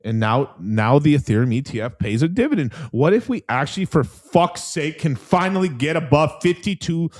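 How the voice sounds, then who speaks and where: Profane, excitable young man hosting a stream. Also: fairly high pitch, moderate pace, hardly any pauses. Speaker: crypto stream host. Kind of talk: casual livestream chat.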